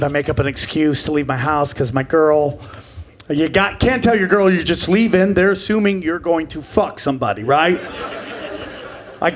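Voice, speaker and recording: Brash, high-voiced man doing stand-up. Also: slight background noise. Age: 40s. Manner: brash, profane, acts out characters in quick bursts. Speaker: stand-up comedian. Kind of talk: stand-up comedy set. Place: live comedy club stage. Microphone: handheld stage mic.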